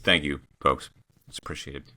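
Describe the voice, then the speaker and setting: A jokey man co-hosting a podcast who spins playful little stories. His voice is very deep but bright and forceful. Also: steady tone, moderate pace. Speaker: podcast co-host. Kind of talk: casual chat.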